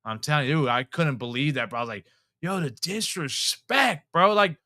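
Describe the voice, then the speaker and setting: A man's voice: medium pitch, quick pace, clean tone, no echo, studio quality. A man hosting a podcast, telling stories in casual chat with lots of swearing and acting out the people he quotes. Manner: animated storytelling, heavy swearing, acts out quoted people. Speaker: podcast host.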